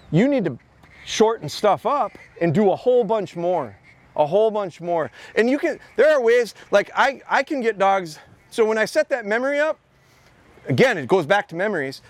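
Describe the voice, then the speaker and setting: Man, high voice, dog trainer, live outdoor seminar, energetic repetitive coaching. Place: outdoor expo training area.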